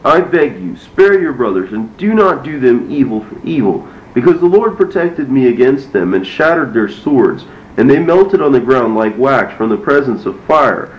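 A man's voice: medium pitch, sing-song, normal speed, hardly any pauses, close to an everyday voice. Asenath, a merciful noblewoman voiced by a man. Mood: pleading. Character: pleading noblewoman, gentle and merciful. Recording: roomy, dull, faintly noisy.

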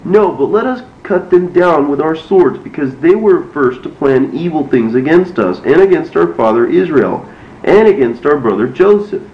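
A man's voice: fairly high pitch, lively intonation, normal speed, far from the mic, voice pushed up. A man voicing a vengeful warrior brother who insists on punishment, reading a storybook in an indignant, insistent way. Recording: roomy, dull, faintly noisy.

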